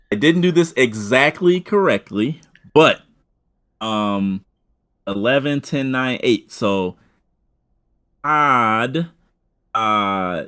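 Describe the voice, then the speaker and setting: A man running a tabletop game as game master, talking in halting stretches full of fillers and restarts. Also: medium pitch, fairly bright tone.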